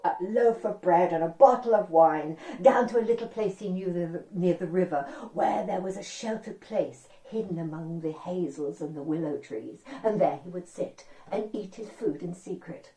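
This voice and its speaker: A woman telling an old folk tale to children in an animated, chatty way, with asides to her listeners. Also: fairly low pitch, moderate pace. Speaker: storyteller. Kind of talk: oral storytelling for children. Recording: echoey room, far from the mic.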